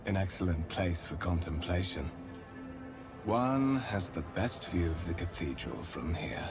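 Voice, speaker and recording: An actor voicing a refined, formal male imperial spymaster in a game, speaking in a measured, courtly way with clear music behind. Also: sits low, sing-song, heavily acted. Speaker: game character.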